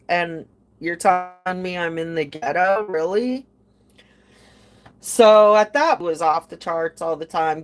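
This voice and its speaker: An older woman telling a story in casual chat, indignant and sarcastic as she recounts it. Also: on the low side. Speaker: podcast host.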